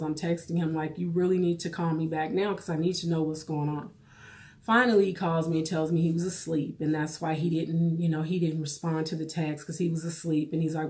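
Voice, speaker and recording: A woman with a somewhat low voice talks straight to camera in a personal vlog. She is tearful and holds back crying, and her speech comes out halting, with phrases repeated as she works through the story. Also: a little mellow. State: tearful, holding back tears. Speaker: vlogger.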